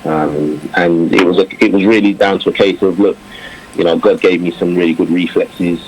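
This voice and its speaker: A former English cricketer chatting in an interview, reflective, with many fillers and restarts. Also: male voice, low-pitched, steady tone, moderate pace, a little mellow, rough recording. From England. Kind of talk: casual interview talk. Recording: faint background noise.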